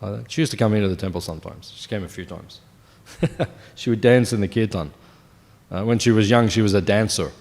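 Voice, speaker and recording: A man's voice: lowish voice, fairly quick, darkish tone. A man in his fifties giving a morning scripture class in a temple. He talks in a loose, conversational way and keeps asking the listeners questions. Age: 50s. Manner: conversational, asks the audience questions. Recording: long hall reverb.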